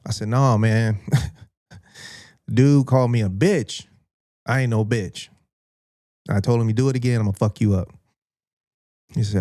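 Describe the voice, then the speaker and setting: A man with an American accent hosting a podcast, telling a story in a casual, animated and profane way and acting out the people he quotes. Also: medium pitch, slow pace, long pauses, no room sound, studio quality.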